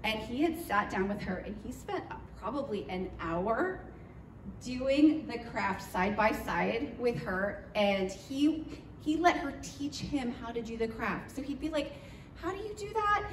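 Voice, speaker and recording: In an unhurried, rather high voice, a woman recounts a mission trip to her church, animated and chatty, filling her talk with fillers and acted-out quotes. The sound comes from a far-off mic in a roomy, echoey church hall with a bit of hiss or hum.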